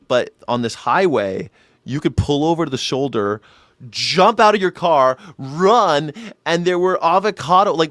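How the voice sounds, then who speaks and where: A man's voice: medium pitch, no echo, clean studio sound. A man from California hosting a live news reaction stream, rambling and swearing as he chats with viewers. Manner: profane, rambling, chatty with chat readers. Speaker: news reaction show host. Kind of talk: casual live-stream commentary.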